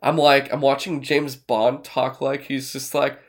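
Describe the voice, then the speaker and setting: This podcast co-host has a mid-range, level voice and an unhurried delivery. He rambles casually, with fillers and restarts, and swears now and then.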